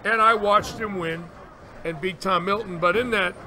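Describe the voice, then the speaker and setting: A man's voice: high-pitched, normal speed. A man in his sixties, a bowling commentator, telling long stories in casual chat and acting out the quotes. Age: 60s. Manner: animated storyteller, acts out quotes. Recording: noticeable background noise.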